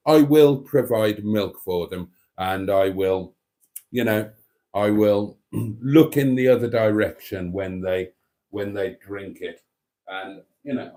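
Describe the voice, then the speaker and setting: Slow, deadpan male stream host. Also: fairly low pitch. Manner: deadpan, mock-pompous, rambling with many fillers. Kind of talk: casual live stream chat reading out viewer comments.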